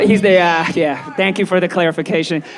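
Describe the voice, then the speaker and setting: A man doing live stand-up comedy for a small audience, playful and animated, often slipping into quoted voices. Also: high voice, fairly quick, a loud crowd, very noisy.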